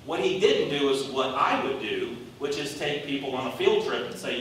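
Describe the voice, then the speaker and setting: A man preaching a conversational sermon, telling stories in a lively, animated way. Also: medium pitch, normal speed, hardly any pauses. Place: large hall, worship service. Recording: echoey hall from far off, faint noise.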